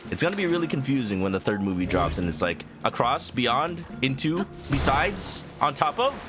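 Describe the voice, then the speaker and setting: A man's voice: medium pitch, sing-song, normal speed. A man casually commenting while streaming a video game, playful and joking, rambling with little stammers, with game music behind him.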